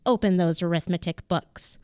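A woman voicing a stern, nasty female schoolteacher who hisses and snaps her orders slowly. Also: lowish voice, steady tone, darkish tone, smooth, no echo, clean studio sound, lightly acted. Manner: hissing, snapping, slow and clipped.

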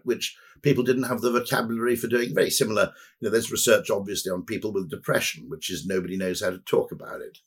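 A man's voice: low-pitched, slightly rough. A man as a podcast guest, talking in a rambling, anecdotal way with dry asides. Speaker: guest, advertising executive. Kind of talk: conversational podcast interview.

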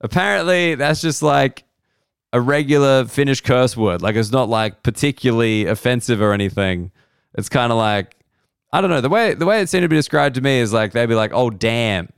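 An Australian comedian rambles through a story on his podcast, swearing freely and jumping from a quick mutter to sudden high bursts. His voice is smooth and resonant, and the room is dry. He sits close to the mic. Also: lively intonation, no echo.

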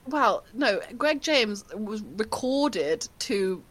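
A woman's voice: fairly high pitch, lively intonation, very slow, fairly bright tone. A woman co-hosting a food podcast, rambling cheerfully and laughing as she talks. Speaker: podcast co-host. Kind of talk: casual chat.

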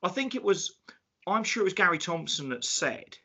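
Bright-voiced man, wry. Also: high-pitched, sing-song, normal speed, breathy edge. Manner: questioning, wry. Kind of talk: casual chat. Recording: dull lo-fi.

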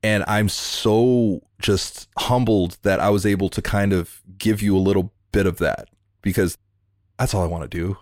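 A man hosting a podcast interview over a remote call, talking in an earnest, heartfelt way and in quick bursts. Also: low-pitched, steady tone, darkish tone, no echo, studio quality. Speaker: podcast host. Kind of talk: emotional interview conversation.

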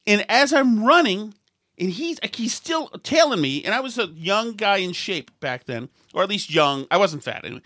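A middle-aged man telling a rambling, self-mocking story in a casual chat, often restarting and acting out angry shouts. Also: high voice, sing-song, moderate pace, dry recording, studio quality. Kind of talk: casual anecdote.

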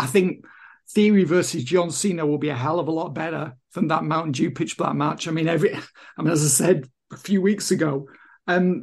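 A man's voice: on the high side, darkish tone. A man co-hosting a casual wrestling podcast, giving rambling, opinionated takes full of "I mean". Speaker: podcast co-host.

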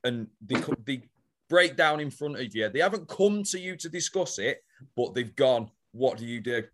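A man co-hosting a chatty podcast. He needles his friends with questions and ribs them, swearing freely. His speaking voice is mid-pitched and conversational. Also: animated, moderate pace. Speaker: podcast co-host. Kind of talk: casual podcast chat.

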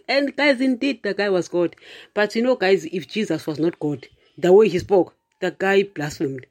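A preacher talks to online viewers in a loose, conversational way rather than a formal sermon. The speaker keeps turning to the listeners with "you know" and "guys", laughs often, and punches points with emphatic asides. The voice sits at a middle pitch. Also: moderate pace. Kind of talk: casual spoken preaching to viewers.

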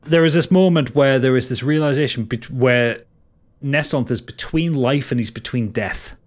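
A man's voice: medium pitch, moderate pace. A man narrating a tabletop game as game master, vivid and dramatic, with frequent restarts.

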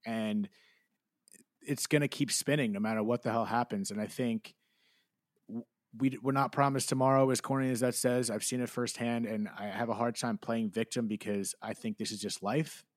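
A man's voice: mid-range voice, steady tone, normal speed, dry recording. Candid man from New Jersey, dry sound. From New Jersey, USA. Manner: candid and earnest, casual swearing. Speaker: podcast guest. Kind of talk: reflective conversational interview.

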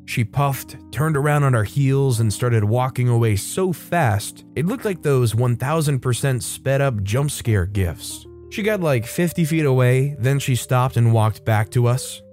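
A man of middle pitch narrates online stories in a lively, playful way, his voice jumping up at the funny turns. Soft guitar plays faintly behind him. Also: measured pace, hardly any pauses. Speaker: story narrator and show host. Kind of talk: reading online stories aloud.

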